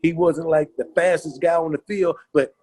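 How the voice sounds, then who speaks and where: A middle-aged man, a former pro linebacker, telling stories in a relaxed podcast interview, folksy and repetitive with lots of "you know". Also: on the high side, normal speed, a little hiss or hum. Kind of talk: casual storytelling interview.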